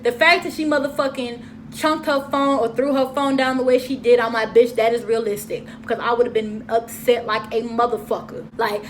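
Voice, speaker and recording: A woman's voice: fairly high pitch, moderate pace, slight background noise. A young adult woman giving a casual, profane and sassy review of a reality TV episode. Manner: profane, animated, sassy commentary. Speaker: TV show reviewer. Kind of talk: casual solo review vlog.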